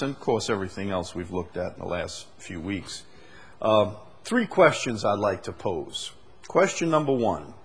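A man preaching an expository sermon, moving from measured explanation to loud, emphatic passages. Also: on the low side, husky.

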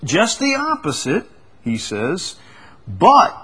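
A man teaches a Bible study in an unhurried, conversational way. His pitch swings widely as he leans on each quoted phrase, and his voice has a slightly husky edge. He chuckles easily between points. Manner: animated, stresses quoted verses slowly, laughs often.

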